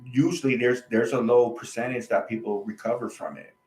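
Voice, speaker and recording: Animated man telling a personal story, echoey room. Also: mid-range voice, a little fast. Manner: animated, emphatic, repeats himself, colloquial. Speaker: channel host.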